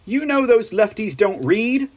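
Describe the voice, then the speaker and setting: A Texan man with a husky, rather high voice hosts an opinionated news show. He reads out articles and breaks off into sarcastic, rambling asides, tagging his points with "right?". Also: lively intonation, a little slow. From Texas. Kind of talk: opinionated commentary reading news.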